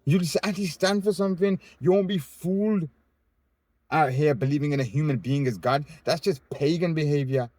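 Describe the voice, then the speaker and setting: Speaking at normal speed in a fairly high, darkish voice with no echo, a young man rants outdoors on a city street for the camera. As a street interviewee, he swears and picks fights, throwing out rhetorical questions, sarcastic asides, and voiced mockery.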